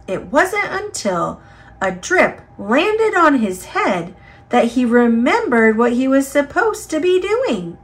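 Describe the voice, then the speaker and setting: A woman reading a children's picture book aloud in a slow, expressive storytelling voice. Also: on the high side. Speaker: storybook reader. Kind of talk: children's read-aloud narration.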